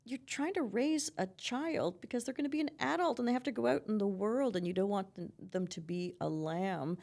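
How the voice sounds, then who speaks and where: Brisk and medium-pitched, this middle-aged psychotherapist has a gravelly, faintly mellow voice. Interviewed on a chatty podcast, she offers sincere advice while frequently tossing in "you know" and "right?".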